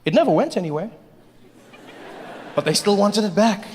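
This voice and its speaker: A man from Africa doing stand-up comedy, animated and mocking as he builds to each punchline. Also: sits high, moderate pace, slight background noise. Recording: live hall with audience.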